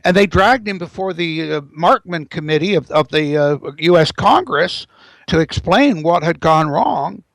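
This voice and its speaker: Gravelly high-voiced man lecturing. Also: expressive, measured pace, a bit bright, no room sound. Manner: lecturing, building points with rising emphasis. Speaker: guest expert. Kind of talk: interview, explaining at length.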